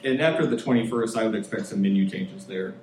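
A man's voice: on the low side, quick pace, very echoey, background noise. A man guesting on a podcast, answering in a playful, mock-earnest way. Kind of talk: casual chat.

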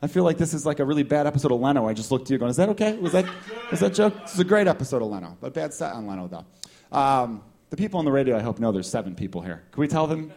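A man doing a stand-up comedy set, riffing with profane, animated delivery in front of a small live crowd. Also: mid-range voice, rapid-fire.

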